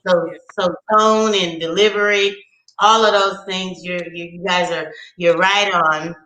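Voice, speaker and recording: A woman hosting a casual talk show, blunt and animated, laughing often as she talks. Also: fairly low pitch, unhurried, roomy sound, rough recording. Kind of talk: casual chat.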